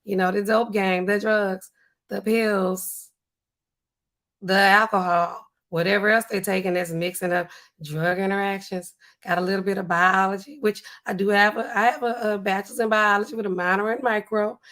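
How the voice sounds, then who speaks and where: A woman's voice: medium pitch, steady tone, moderate pace, fairly bright tone. A young American woman hosting a casual livestream, chatting to viewers in a loose, talkative way. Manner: chatty, addresses viewers directly. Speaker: livestream host.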